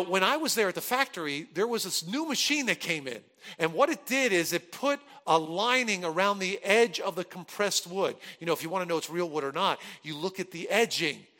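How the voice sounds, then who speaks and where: A pastor preaching a sermon and telling a personal story, swinging from loud animated peaks to hushed earnest moments. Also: male voice, high-pitched, big-room sound.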